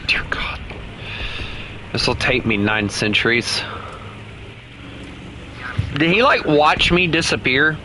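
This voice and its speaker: A man's voice: medium pitch, expressive, takes it slowly, long pauses. A man casually commenting on his own gameplay while streaming, chatty and laughing often as he talks to himself. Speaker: gaming streamer. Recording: noisy game audio underneath.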